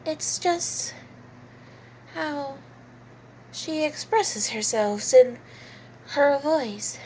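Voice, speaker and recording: Woman, casual, chatty, self-deprecating, slow unhurried pace. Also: sits high, animated, darkish tone, a little hiss or hum. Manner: chatty, self-deprecating about her impressions. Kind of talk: casual explanation of character voices.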